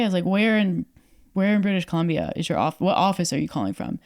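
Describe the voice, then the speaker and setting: A young Canadian woman co-hosts a podcast, telling a story in casual chat with lots of fillers and acted-out dialogue. She talks fast in a fairly low, slightly mellow voice with big pitch swings.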